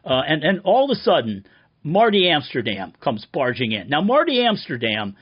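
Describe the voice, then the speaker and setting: A man's voice: fairly high pitch, huge pitch swings, normal speed, husky. Sardonic rambling man, dull lo-fi sound. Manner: sardonic, profane, rambling tall tale. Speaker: band member promoting a reissue. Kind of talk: rambling deadpan comic monologue.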